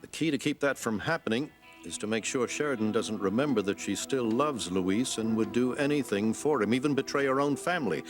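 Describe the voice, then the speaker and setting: An actor playing a ruthless, powerful patriarch who speaks with slow, deliberate menace. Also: male voice, mid-range voice, natural voice. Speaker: scheming wealthy father. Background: soap opera score.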